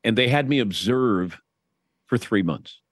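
A man's voice: mid-range voice, expressive, measured pace, dry recording, studio quality. A man in his sixties, a guest sportscaster, telling wry stories in casual chat with frequent restarts.

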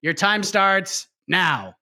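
A man hosting a casual fight show, playful and energetic, running a game and plugging upcoming shows. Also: sits high, drawn-out words. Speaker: host.

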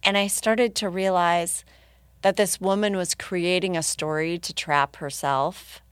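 A woman's voice: fairly low pitch, measured pace, clear, resonant tone, no room sound, clean studio sound. A woman guest telling a casual story, laughing often and acting out what others said. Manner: animated, laughing, acts out other people's lines. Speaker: podcast guest.

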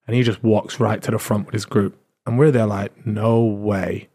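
A man's voice: fairly low pitch, fairly quick, husky. Man telling a rowdy story. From Britain. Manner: animated, swearing, acts out quotes. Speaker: podcast co-host. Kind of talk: casual storytelling chat.

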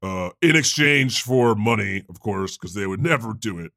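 A man's voice: on the low side, gravelly, no room sound, clean studio sound, exaggerated voice. A man playing God, a chatty male deity who hosts an improvised comedy podcast. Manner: conversational, quick to laugh, animated. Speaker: host.

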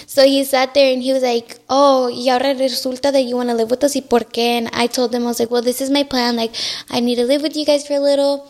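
A woman's voice: sits high, flat delivery, quick pace, darkish tone. A young adult woman, a podcast guest telling her personal story candidly and acting out what others said to her. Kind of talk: personal storytelling in casual chat.

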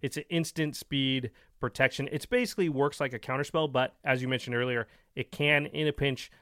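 A man's voice: mid-range voice, fairly quick, fairly bright tone, no room sound. A man co-hosting a card game podcast, explaining cards in casual chat with dry jokes. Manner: explains card rules, jokey. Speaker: podcast co-host.

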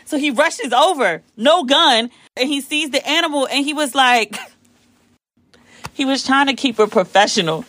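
An American woman hosts a podcast and tells a rambling, animated story straight to the mic. She swears freely and slips into other people's voices when she quotes them. The sound is dry and close, with no room around her. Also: high-pitched, unhurried, no room sound. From United States. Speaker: podcast host. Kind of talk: casual storytelling monologue.

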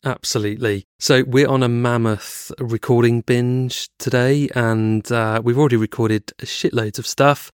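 In a medium-pitched voice recorded at studio quality with no echo, a male podcast co-host chats casually and swears now and then. He then switches to reading scripted narration.

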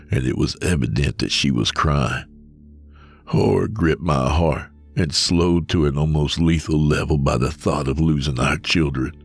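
A man giving a steady, measured first-person reading of a scripted horror story. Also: rumbling low, vocal fry. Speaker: narrator.

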